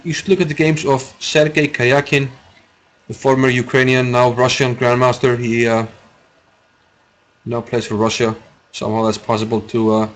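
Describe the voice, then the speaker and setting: A man from Iceland, giving rambling, chatty live commentary on a chess game and answering viewers' chat. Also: mid-range voice.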